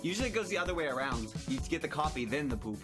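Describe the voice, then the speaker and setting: A man co-hosting a reaction video, chatting casually and teasing with loud music behind him. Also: on the high side, racing. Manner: joking, teasing, relaxed. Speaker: reaction channel co-host. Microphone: desk USB mic.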